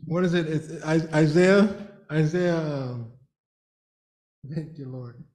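High-voiced, slow, fervent male preacher. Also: darkish tone. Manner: fervent preaching, repeating lines and breaking into laughter. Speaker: pastor. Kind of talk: sermon. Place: church.

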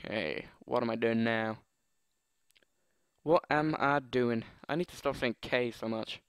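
Young guy muttering thru a shooter match, slow and unhurried, dry close mic, jokey and fed up with the other players. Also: medium pitch, clean tone, dry recording. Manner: joking, muttering, exasperated at opponents. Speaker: gaming commentator. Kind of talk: live gameplay commentary.

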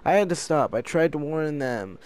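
A man's voice: on the high side, animated, normal speed, darkish tone, clean tone, natural voice. A man voicing a worried male scientist who warns of danger, in an earnest, solemn reading. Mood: anxious.

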